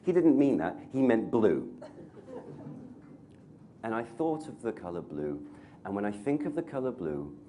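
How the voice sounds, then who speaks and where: A man's voice: fairly low pitch, measured pace, long pauses, slight background noise. A man from North Wales telling an anecdote to teachers as an actor and voice coach, laughing often as he goes. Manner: lively storyteller who laughs often. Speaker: actor and voice coach guest speaker.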